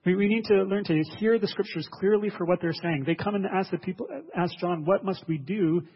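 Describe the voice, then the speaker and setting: Preaching as a pastor, a man talks a little fast in a husky voice that sits high. He is earnest, frequently repeats words and questions his audience, and the recording has a dull tone with long hall reverb.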